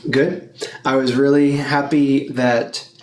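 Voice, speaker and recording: A mid-pitched man talks in a rambling, easygoing way, often stopping to correct himself and chuckling along. He is recorded in a church studio room with a roomy echo. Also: level tone, slow, a little mellow, a little hiss or hum. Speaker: church staff member, podcast regular. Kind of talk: casual podcast chat.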